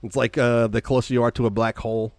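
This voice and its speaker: A man's voice: mid-range voice, level tone, fast talker. A man co-hosting a casual podcast, firing off quizzical, jokey questions. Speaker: podcast co-host. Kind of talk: casual chat.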